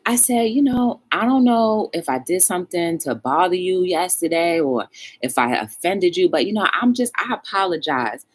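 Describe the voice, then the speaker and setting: A woman hosts a live-streamed talk show and tells a personal story to her viewers. Her pitch swings widely as she acts out what each person said. She talks to the audience directly and calls them y'all. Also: moderate pace. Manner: animated storytelling, acts out both sides of dialogue.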